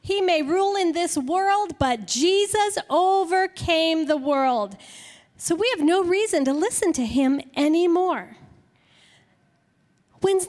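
Very high-voiced woman preaching slowly. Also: long reverb tail. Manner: slow, emphatic, with playful acted-out examples. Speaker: women's Bible teacher. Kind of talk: sermon.

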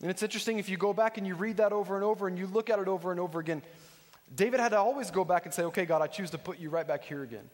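A man's voice: sits high, fairly even intonation, racing, big-room sound. A man preaching a sermon as a pastor, earnest and conversational, often putting direct questions to the congregation.

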